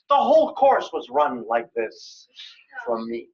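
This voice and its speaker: A man's voice: on the high side, wildly swooping pitch, unhurried, muffled recording. An older man giving a colloquium lecture in a lecture room, telling joking anecdotes in a chatty way.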